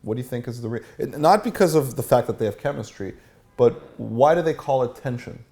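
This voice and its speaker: A man's voice: medium pitch, animated, a little fast, gravelly, mellow. A man teaching a seminar as a dating coach, asking the room questions and acting out example lines.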